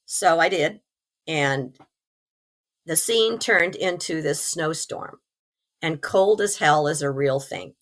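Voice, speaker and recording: A middle-aged woman, hoarse from recovering from pneumonia, telling a personal story as an interview guest in an earnest, animated way. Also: sits low, slow pace, long pauses.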